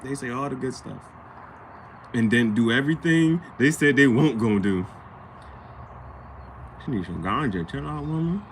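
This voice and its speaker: A man at a middle pitch tells stories in a loose, slangy vlog chat, his voice rising and falling a lot as he acts out the people in them. A faint hum of noise sits under his talk. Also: expressive, moderate pace, pauses often. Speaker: vlogger. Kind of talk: casual storytelling chat.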